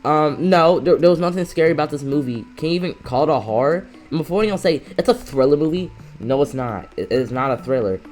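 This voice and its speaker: Brief: young male reviewer, slightly high voice, excitable rambling rant, faint music underneath. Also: fairly quick, hardly any pauses. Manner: excitable, rambling, frequent restarts. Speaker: movie reviewer. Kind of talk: casual reaction rant. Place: indoors, filming himself.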